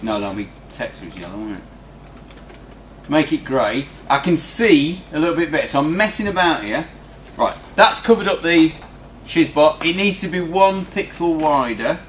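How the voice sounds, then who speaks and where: A man's voice: on the high side, expressive, normal speed. A man teaching a coding lesson in a classroom, talking informally with teasing asides to his students. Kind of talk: screen-recorded coding tutorial. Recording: echoey room with faint background hum.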